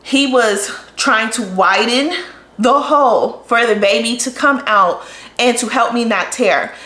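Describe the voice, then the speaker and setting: Young woman vlogging her story, candid and chatty, says like a lot, kinda high voice, echoey room. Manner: candid and animated, with many "like" fillers. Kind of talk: personal storytelling vlog.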